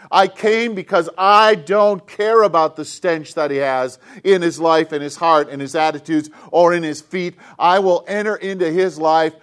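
A man preaching a sermon with passion, often sinking into a hushed, intimate voice. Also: fairly high pitch. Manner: impassioned, drops to hushed intimate tones. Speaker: pastor.

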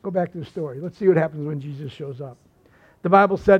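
A man's voice: high-pitched, a little fast. A male pastor preaching a sermon, telling stories in a folksy way with repeated phrases and asides. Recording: slightly muffled recording.

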